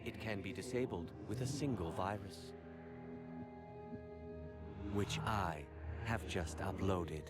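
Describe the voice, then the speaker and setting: A man's voice: deep voice, loud music behind the voice. An actor playing a cold, menacing male alien in a video game. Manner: cold, measured.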